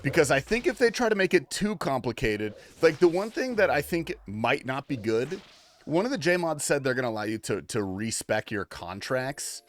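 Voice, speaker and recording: A man's voice: mid-range voice, big pitch swings, normal speed. A young man from the United States chatting casually on a game livestream, reading chat and swearing freely. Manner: casual, swears and laughs, reads chat aloud. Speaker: livestream gamer.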